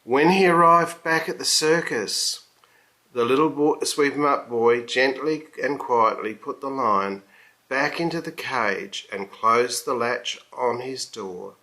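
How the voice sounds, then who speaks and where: A man reading a children's story aloud in a slow, expressive storybook manner. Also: medium pitch.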